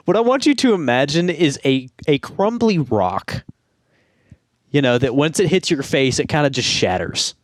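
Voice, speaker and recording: A man's voice: on the high side, very animated, measured pace, no echo, studio quality. A young man co-hosting a podcast, telling a rambling story in casual chat and laughing through it. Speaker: podcast co-host.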